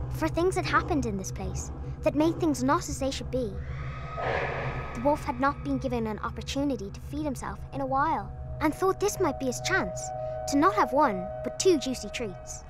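High, lively woman telling a fairy tale. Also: moderate pace, rough recording. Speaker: narrator. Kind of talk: storybook narration. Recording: music playing behind.

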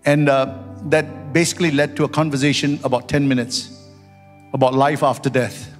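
A man's voice: mid-range voice, little pitch movement, moderate pace, faint music behind. A man who is a pastor, preaching a sermon with personal stories and rising into fervent prayer. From Singapore. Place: church hall. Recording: church hall with long reverb.

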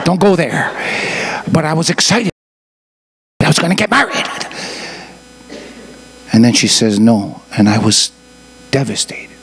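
A man's voice: mid-range voice, very animated, measured pace, pauses often, a bit bright, a little hiss or hum. A man in his fifties preaching a sermon as pastor of a church, often asking the congregation questions and adding joking asides. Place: church sanctuary.

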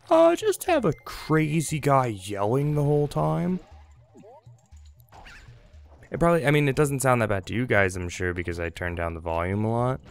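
A man's voice: fairly low pitch, vocal fry. A young man hosting a let's play, rambling and joking as he talks to the game and his viewers. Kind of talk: casual gameplay commentary.

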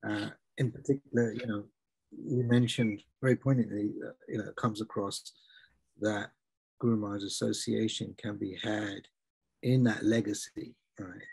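A man's voice: on the low side, steady tone, moderate pace, darkish tone, low-quality recording. A man hosting an online talk, speaking hesitantly with many fillers. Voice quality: husky, gravelly. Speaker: host.

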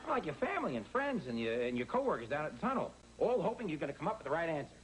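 A man's voice: a little high, big pitch swings, racing, poor audio. An actor playing a level-headed middle-aged man in a studio sitcom, soothing and dryly joking. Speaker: sitcom lead, a calming friend. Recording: loud studio audience laughter and noise.

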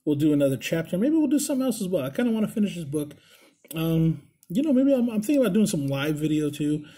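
A man vlogging in a casual, profane storytelling voice, animated and crude, jumping into high voices when he quotes people. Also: quick pace, slightly rough. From Puerto Rican family. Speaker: vlogger telling stories. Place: Las Vegas.

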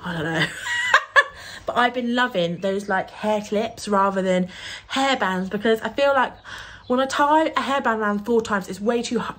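A young woman talks casually to her camera, rambling through her thoughts with plenty of ums and likes. Her voice sits at an ordinary middle pitch, and she keeps breaking into small giggles. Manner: chatty, rambling with many fillers and giggles. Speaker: vlogger. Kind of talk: casual vlog chat.

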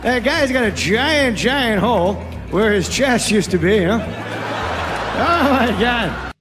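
A comedian doing a hesitant, mumbling impression, broken by laughs. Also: male voice, very high voice, lively intonation, slow pace, in a large hall. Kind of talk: comic impressions. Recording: loud crowd and music behind.

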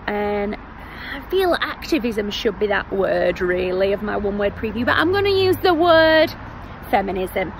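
A woman's voice: mid-range voice, creaky. A woman with a Northern English accent, chatting casually as she recommends shows in a vlog, with self-deprecating asides. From North West England. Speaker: theatre vlogger. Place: outdoors by a road. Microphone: phone at arm's length. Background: traffic.

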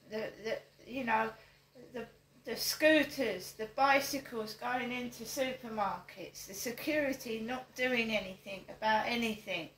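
An older woman speaks slowly and deliberately in a fairly high voice. She hammers her points home and repeats them as pointed questions. Her voice rings around an echoey room. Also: fairly bright tone, slight background noise. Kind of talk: direct-to-camera monologue.

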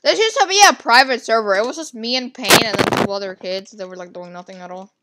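A woman giving casual, excitable commentary while playing a game, gasping and rambling. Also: mid-range voice, quick pace, very noisy. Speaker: gaming video creator.

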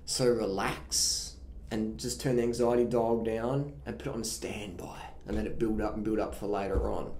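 A man's voice: lowish voice, moderate pace, slight background noise. Blunt, profane man in a roomy space. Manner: blunt, profane, animated storytelling. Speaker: vlogger. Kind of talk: casual advice monologue. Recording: roomy echo.

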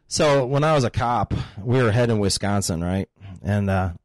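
A man in his fifties sits in as a guest on a casual podcast and tells rowdy family stories with a laugh never far off. He is crude and animated. The mic is close and the sound dry, with no room around him. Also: lowish voice, moderate pace, no echo. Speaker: guest, father of a host.

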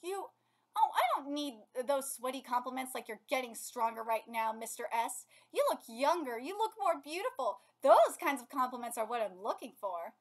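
A woman's voice: sits high, very animated, moderate pace, voice pushed down, exaggerated voice. A woman reading aloud as a vain, narcissistic old male school principal, pompous and self-admiring.

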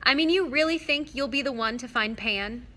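A woman's voice: high-pitched, moderate pace, pushed and bright, pitched above the performer's own voice. A woman voicing a skeptical young boy who asks blunt questions in a read-aloud story. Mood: curious, blunt. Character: twelve-year-old boy hero, skeptical and blunt.

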